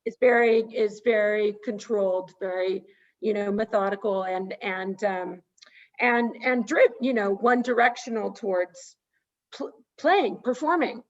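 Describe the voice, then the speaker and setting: A woman's voice: medium pitch, a little slow, lo-fi sound. A woman hosting a post-screening talk, reflecting aloud and searching for words. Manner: searching, restarts phrasing while reflecting. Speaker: interview host.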